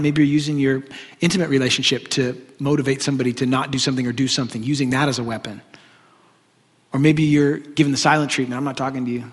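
A man preaching a sermon, an animated and joking storyteller. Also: fairly high pitch, breathy edge. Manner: animated, joking storyteller who often laughs. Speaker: pastor. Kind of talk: sermon with humorous stories. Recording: long hall reverb.

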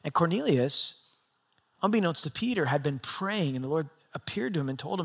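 Casting: middle-aged male pastor, high voice, storytelling preacher who gets excited. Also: a little fast, breathy edge. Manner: conversational storytelling, excitable with rising pitch. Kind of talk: sermon.

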